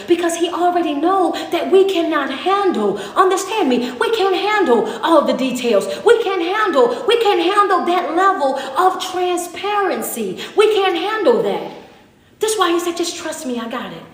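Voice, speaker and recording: A woman's voice: very high voice, expressive, normal speed, hardly any pauses. A woman, preaching fervently in a repetitive call-and-response style to a live chat. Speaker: motivational speaker. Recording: echoey room with long reverb.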